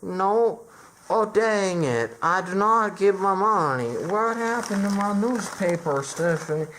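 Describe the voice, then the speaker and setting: A woman's voice: medium pitch, a little slow, a bit bright, slight background noise, natural voice, rough recording. A woman voicing a whiny male steel magnate who is stuffed with newspapers, pleading in stiff, formal sentences. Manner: whiny, pleading, stilted speech without contractions. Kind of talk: absurd comedy voice acting.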